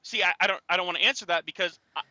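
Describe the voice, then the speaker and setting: A man on a dull, lo-fi call, talking fast in a high, bright voice. He stammers and hedges, circling around his answers. The sound is dry. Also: dry recording. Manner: hesitant, stammering, evasive. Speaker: caller in a debate. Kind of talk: hesitant live debate.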